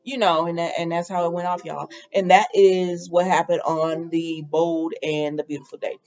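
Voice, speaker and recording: A woman hosting a casual soap opera recap, chatty and animated, with laughing asides. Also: on the low side, moderate pace, lo-fi sound.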